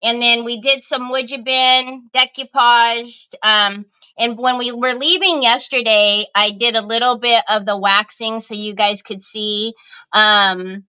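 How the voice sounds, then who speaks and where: High, bright-voiced chatty woman livestreamer. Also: fairly even intonation, measured pace, clear, resonant tone, dull audio. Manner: chatty, giggly, greets viewers by name. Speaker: craft livestream host. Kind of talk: casual livestream chat greeting viewers. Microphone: phone.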